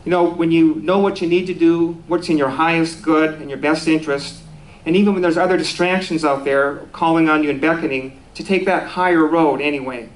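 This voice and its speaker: A man's voice: a little high, steady tone, brisk, a little hiss or hum, poor audio. A man giving a conversational sermon at a spiritual center, easygoing and self-deprecating, with restarts and small laughs.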